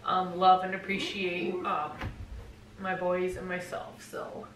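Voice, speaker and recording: A woman's voice: lowish voice, level tone, slow pace, recorded from a distance, a little hiss or hum. Effusive woman vlogging, slightly off-mic. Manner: effusive, often drops to a hushed whisper. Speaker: pet vlogger. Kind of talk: casual vlog, unboxing gifts. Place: bedroom at home. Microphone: camera mic. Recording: roomy home audio, slightly off-mic.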